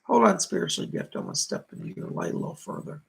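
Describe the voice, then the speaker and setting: A man with a deeply gravelly, husky voice hosts a live-streamed psychic reading. His pitch moves a lot as he passes on spirit messages and thanks viewers for their donations. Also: wildly swooping pitch, quick pace, a bit bright. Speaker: psychic medium host.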